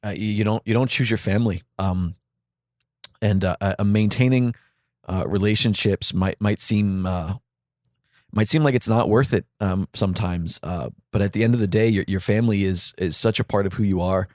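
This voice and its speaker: Low-voiced grieving New man. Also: darkish tone, no room sound, clean studio sound. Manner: halting, many fillers and restarts. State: grieving, voice catching. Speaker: podcast host. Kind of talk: heartfelt personal monologue.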